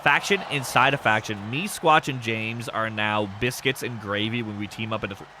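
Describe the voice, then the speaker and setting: A man with a stuffy nose, commentating a wrestling game on a livestream in an excitable, laughing, swearing way and shouting when the action picks up. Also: fairly low pitch, normal speed, noisy background.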